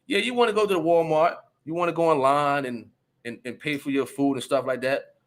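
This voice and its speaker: A man's voice: a little high, brisk. A man hosting a casual commentary stream, reading viewer comments aloud and reacting emphatically, often checking in with his listeners. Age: adult. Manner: emphatic, repeats "you understand?", reads chat aloud.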